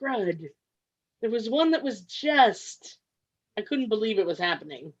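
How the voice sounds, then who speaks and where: A woman joining a casual group chat as a guest, expressive and acting out reactions as she talks. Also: mid-range voice, unhurried, muffled recording. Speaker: podcast guest.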